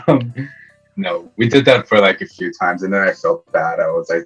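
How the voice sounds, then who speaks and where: Man, young adult, from Iran, low voice, relaxed storyteller, slightly dull audio. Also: normal speed, breathy edge, faint music behind. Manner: relaxed storyteller, laughs often. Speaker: podcast guest. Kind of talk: casual interview chat.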